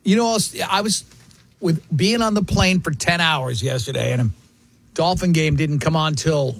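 Sports radio guy, kinda high husky voice, rambly and self-deprecating, faint music bed. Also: moderate pace, no room sound. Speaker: radio show host. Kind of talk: casual sports radio banter.

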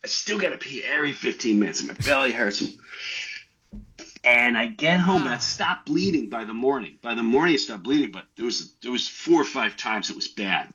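A middle-aged man spins self-mocking stories in casual chat with an animated delivery. His voice is bright and a little husky, and it swings up and down a lot. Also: mid-range voice, normal speed, lo-fi sound. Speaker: guest.

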